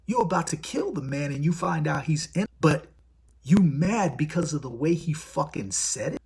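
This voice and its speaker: A man's voice: a little high, moderate pace, gravelly, breathy edge. A man hosting a live stream in casual talk, blunt and profane. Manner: blunt, profane, animated storytelling.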